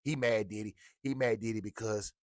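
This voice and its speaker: A man's voice: lowish voice, brisk, dry recording. A man ranting as a hip hop blogger, heated and profane, repeating himself for emphasis. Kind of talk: ranting commentary.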